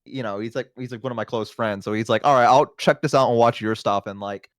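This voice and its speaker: A man's voice: mid-range voice, fast talker, no room sound, clean studio sound. A man chatting casually on a stream, telling stories and acting out the people in them. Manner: animated storytelling, acts out quotes. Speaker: guest streamer.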